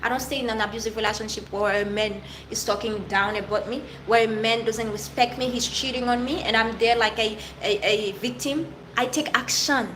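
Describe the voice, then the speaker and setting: A higher-voiced woman with as her talks straight at the camera, addressing someone who wronged her. Her voice rings around a bare, echoey room. Faint hiss sits under the recording. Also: steady tone, a little fast, few pauses. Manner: direct, addresses an absent friend. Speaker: vlogger. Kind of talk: emotional personal vlog rant.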